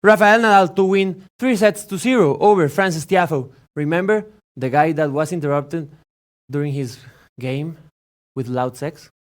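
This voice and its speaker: A man voicing a hot-tempered male tennis bettor who yells insults and throws in Spanish curses. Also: a little high, normal speed, pitched below the performer's own voice, close to an everyday voice. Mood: gruff. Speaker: guest handicapper character.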